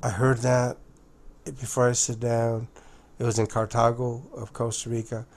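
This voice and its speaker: Halting man talking to his viewers. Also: mid-range voice, completely flat delivery, a little mellow. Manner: halting, with frequent restarts and repeated words; addresses listeners directly as guys. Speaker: video presenter. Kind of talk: casual spoken monologue to viewers.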